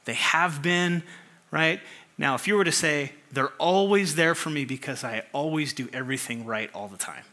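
A man delivers a sermon to a congregation with a bright, forward tone at an ordinary pitch. He talks in a loose, conversational way and keeps putting rhetorical questions to his listeners. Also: normal speed. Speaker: pastor.

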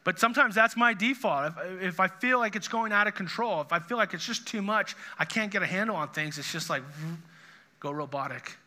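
A man's voice: sits high, a little fast, sharp tone. A middle-aged man, a pastor, preaching a sermon in an earnest, conversational way with frequent restarts.

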